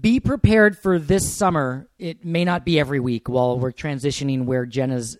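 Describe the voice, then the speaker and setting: A woman's voice: rumbling low, normal speed, a little mellow, dry recording. A woman co-hosting a podcast in casual chat, teasing her co-host and swearing emphatically.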